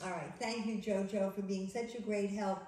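A woman reading a children's picture book aloud in an animated, sing-song way. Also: mid-range voice, moderate pace. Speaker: children's storyteller. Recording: echoey room.

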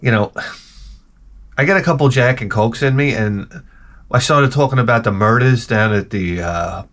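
A man's voice: medium pitch, normal speed, a bit bright. A middle-aged man telling rambling, self-mocking stories with casual swearing as a video host.

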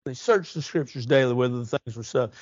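A man's voice: medium pitch, a little mellow, dry recording. Earnest male preacher, slightly muffled. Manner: earnest, rising emphasis and slow drawn-out stresses. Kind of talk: sermon. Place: church.

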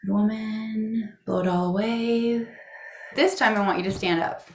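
A woman practitioner guiding a tapping session, calmly giving phrases to repeat. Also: on the high side, a little slow, roomy sound. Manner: calm coaching, gives phrases to repeat. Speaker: EFT practitioner.

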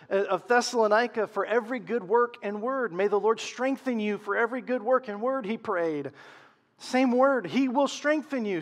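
High-voiced pastor preaching in a hall. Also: male voice. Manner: expressive preaching, swings from loud emphasis to hushed lows. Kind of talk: sermon.

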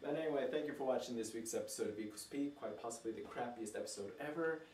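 A man's voice: mid-range voice, a little mellow, a little hiss or hum. A man hosting his own video show, chatting casually and mocking himself while he reads out viewers' comments, recorded on a laptop's built-in mic. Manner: rambling and self-mocking, slow-paced. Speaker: show host. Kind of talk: casual unedited video chat.

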